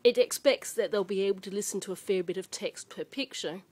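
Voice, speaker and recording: A woman with a mid-range, slightly mellow voice talks a little fast as she casually shows children's books at home to a camera mic. She's a native English speaker, and her chatty show-and-tell rambles along with plenty of fillers and restarts.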